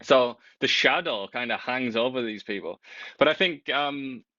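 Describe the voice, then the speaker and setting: A man giving casual political commentary, animated and sarcastic, often laughing as he talks. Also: mid-range voice, unhurried, no echo. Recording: dull lo-fi sound.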